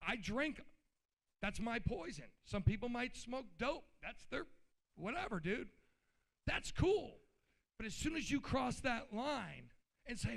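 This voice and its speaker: Speaking from a podium in a convention hall, a high, light-voiced man gives a blunt, agitated, informal political address. He's loose and colloquial, alternating plain explanation with heated outbursts, and his creaky voice swings widely in pitch at an unhurried pace.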